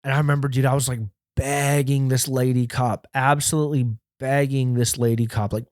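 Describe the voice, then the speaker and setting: Brief: young male podcast host, profane and animated storyteller, dry close sound. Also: mid-range voice, moderate pace, few pauses, dry recording. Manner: profane, animated, acts out quoted voices. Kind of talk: casual storytelling monologue.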